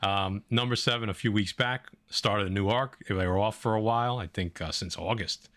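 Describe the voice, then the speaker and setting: A man with a fairly low voice, chatting casually about new comic books as a podcast co-host. He talks in a relaxed, rambling way, with lots of fillers and restarts. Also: normal speed. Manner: laid-back, rambling with fillers. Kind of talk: casual comic book chat.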